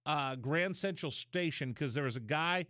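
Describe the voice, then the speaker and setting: A man hosting a radio show, telling a rambling story in a casual, animated way. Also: on the high side, moderate pace, no echo, studio quality. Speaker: radio host. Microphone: studio mic.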